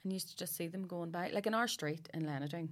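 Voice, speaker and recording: A woman with a Northern Irish accent telling stories in casual chat, animated and laughing, with frequent swearing. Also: on the low side, quick pace.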